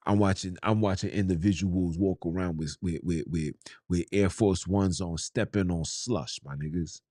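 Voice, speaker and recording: A man's voice: low voice, moderate pace, warm tone, no room sound, clean studio sound. A man, hosting a podcast in a blunt, heated, slangy monologue. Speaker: podcast host. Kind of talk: ranting monologue.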